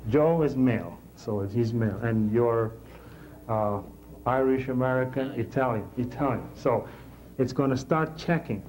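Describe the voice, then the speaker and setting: A man teaching a technical class in a classroom, halting and repeating words as he explains and checking in with the class. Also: medium pitch, a little mellow, slight background noise, poor audio. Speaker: instructor.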